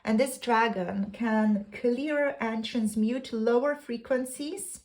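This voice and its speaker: A woman giving a tarot reading, calmly reading from a card booklet in a soothing spiritual way. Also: fairly high pitch, slow. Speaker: tarot reader.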